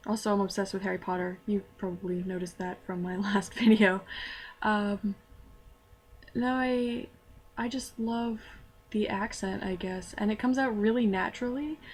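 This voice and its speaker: A woman's voice: medium pitch, darkish tone. A young woman, telling a self-deprecating story to camera in casual vlog style. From Canada. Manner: chatty, self-deprecating, quick asides. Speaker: vlogger.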